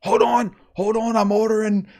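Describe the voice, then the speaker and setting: A man putting on the voice of an excitable preacher calling in to a podcast, loud and exclaiming. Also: sits high, normal speed, voice pushed up, lightly acted. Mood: hurried.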